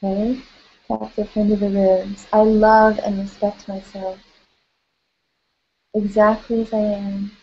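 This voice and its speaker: A woman gently talks listeners through a guided tapping session, announcing the points and leading spoken affirmations. Her medium-pitched voice stays level and slow, pausing often, and the audio is dull.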